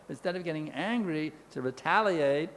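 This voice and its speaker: A man giving an animated scripture lecture, telling stories, acting out voices and chanting with playful repetition. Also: fairly high pitch, a little slow, long reverb tail.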